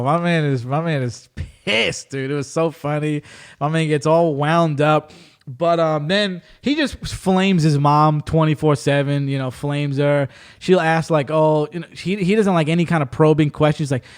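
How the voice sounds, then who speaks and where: A man's voice: on the high side, moderate pace, smooth. A man. He tells stories animatedly, acting out what people said and laughing often. The talk is loose and full of fillers. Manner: animated storytelling, acts out quotes, laughs often. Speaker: podcast host. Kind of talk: casual chat.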